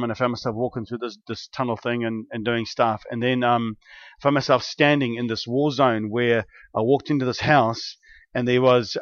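Animated man telling a story, lo-fi. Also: mid-range voice, no echo. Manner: animated, rambling, many restarts, laughs while telling. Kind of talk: testimony storytelling. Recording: dull, dry lo-fi recording.

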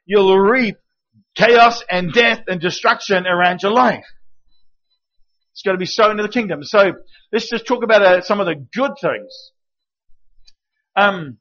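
A man preaching as a guest speaker, telling lively stories with acted-out quotes and sometimes dropping to a hushed, intimate tone. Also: high voice. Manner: animated storytelling with acted quotes. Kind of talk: sermon. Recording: dull lo-fi recording.

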